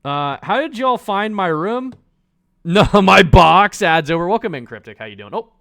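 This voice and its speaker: A man's voice: high voice, normal speed, creaky, no echo, studio quality. A man streaming a video game, reading it aloud and joking around with lots of swearing. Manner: animated, jokey, swears often. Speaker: gaming streamer.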